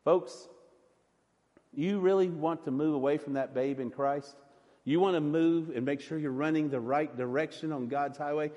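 A pastor preaching a sermon with earnest conviction, shifting between loud and soft. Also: male voice, on the high side, moderate pace, in a large hall, muffled recording.

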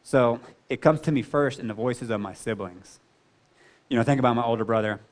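A man's voice: medium pitch, brisk. A man in his thirties sharing a personal testimony, earnest and conversational, leaning on "you know" as he talks.

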